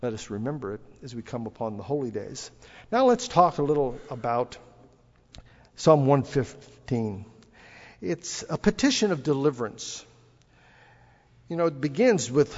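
A man's voice: on the high side, very animated, a little slow, long pauses, a little mellow. A middle-aged man preaching a sermon, speaking earnestly and rising with emphasis when he quotes scripture. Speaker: pastor. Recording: dull lo-fi audio with long hall reverb.

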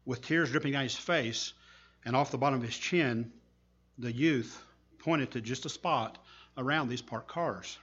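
Husky-voiced man preaching a sermon. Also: medium pitch, fairly bright tone, muffled recording. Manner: earnest storytelling, slow emphatic pauses. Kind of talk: sermon with a told story.

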